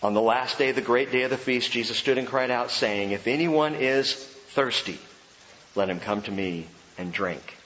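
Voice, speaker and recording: A male pastor preaching a sermon with passion, swinging between loud emphasis and slow hushed lines. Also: medium pitch, a little hiss or hum. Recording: dull sound with long church reverb.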